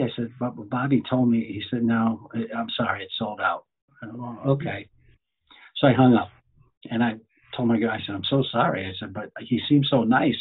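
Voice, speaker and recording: Middle-aged male comedian, anecdotal storyteller, husky tone, narrow lo-fi audio. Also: medium pitch. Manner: chatty anecdotal storyteller, repeats phrases. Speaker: guest comedian. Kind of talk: casual storytelling.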